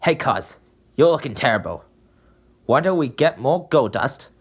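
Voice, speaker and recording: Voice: medium pitch, very animated, measured pace, husky. A performer voicing a carefree, beach-loving young male conductor in a fan redub, with a laid-back, slangy delivery.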